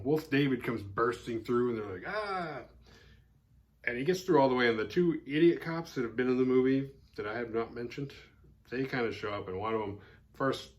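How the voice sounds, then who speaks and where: A man hosting a horror film podcast, casually retelling a movie's plot in a loose, rambling way with lots of "like" fillers and a wry aside now and then. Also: medium pitch. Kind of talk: casual spoken film recap.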